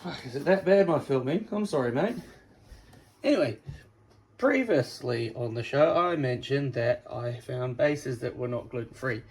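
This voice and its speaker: Man, from england, casual cooking vlog, self-mocking banter, gravelly, faint background hiss. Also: medium pitch, lively intonation, moderate pace, darkish tone, rough recording. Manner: joking, self-mocking, talks to his dogs. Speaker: cooking vlogger.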